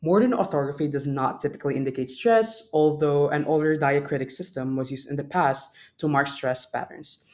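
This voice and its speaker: A man's voice: a little high, moderate pace, hardly any pauses. A young man, a student presenter, reading a prepared class presentation and stopping to sound out example words. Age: young adult.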